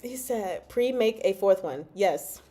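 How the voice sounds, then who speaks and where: A woman's voice: mid-range voice, lively intonation, slow, dark tone. A woman hosting a casual livestream chat about a novel, laughing often and reading out chat comments. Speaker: book club host.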